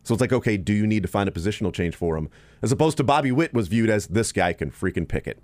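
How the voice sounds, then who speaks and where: Low-voiced man hosting sports radio. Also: expressive, fast, darkish tone, no echo. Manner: rambling, thinking aloud with fillers.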